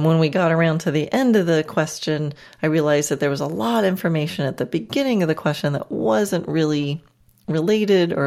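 A woman's voice: deep voice, darkish tone. A woman podcast host and riding instructor telling a casual, chatty story with self-deprecating humor and frequent laughs.

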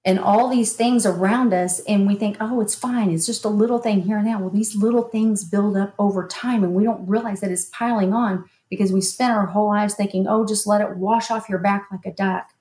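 A woman's voice: mid-range voice, steady tone, a little fast, few pauses, warm tone. Candid woman in a roomy echo. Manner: frank and emphatic, with bursts of laughter. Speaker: guest, hypnotherapist and mindset coach. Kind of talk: candid personal storytelling in an interview.

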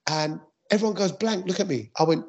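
A man, a stand-up comic co-hosting a podcast, telling an anecdote in a lively, animated way. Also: high voice, brisk, slightly rough. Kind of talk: casual chat storytelling.

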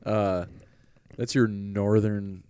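A man's voice: on the low side, steady tone, extremely slow, darkish tone, clean tone, no echo, studio quality. A man chatting casually as a podcast co-host, swearing freely as he talks. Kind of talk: casual chat.

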